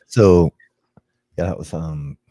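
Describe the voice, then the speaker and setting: A man's voice: very deep voice, slow, mellow, no echo, studio quality. A man co-hosting a live stream from his home workshop, rambling casually and laughing easily. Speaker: co-host.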